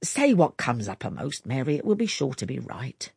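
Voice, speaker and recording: A woman voicing a good-humoured husband who speaks calmly and teases a little. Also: rumbling low, normal speed, creaky, breathy edge, no echo, clean studio sound, pitched below the performer's own voice, full character voice. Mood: easygoing.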